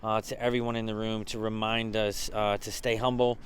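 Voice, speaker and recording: A man's voice: fairly low pitch, flat delivery, brisk, a little hiss or hum. A man who leads a business mastermind group, giving a casual behind-the-scenes recap, with lots of fillers and restarts.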